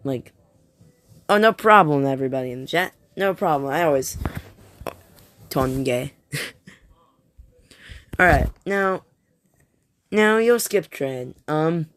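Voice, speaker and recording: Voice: medium pitch, slow pace, long pauses, fairly bright tone, dry recording. A streamer chatting casually and jokingly with viewers while playing a game, rambling from one topic to the next. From United States. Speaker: live streamer. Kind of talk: casual live-stream chat while gaming. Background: game music.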